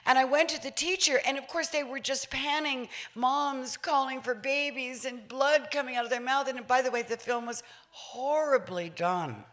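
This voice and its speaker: A woman in her sixties giving a public talk, telling a personal story in an animated way and acting out voices with laughs. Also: high-pitched, normal speed. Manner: lively, acts out voices, laughs while telling. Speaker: featured speaker.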